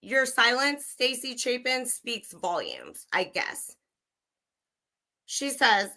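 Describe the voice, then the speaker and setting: A woman's voice: a little high, wildly swooping pitch, slow pace, pushed and bright. A young woman livestreaming true crime commentary, angry, sarcastic and swearing freely as she reads and reacts. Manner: profane, sarcastic, heated.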